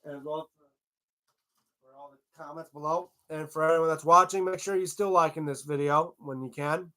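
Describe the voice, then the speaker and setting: Male streamer, rambling casual chat, some swearing, slightly high voice. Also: fairly even intonation, moderate pace, sharp tone. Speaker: livestream host.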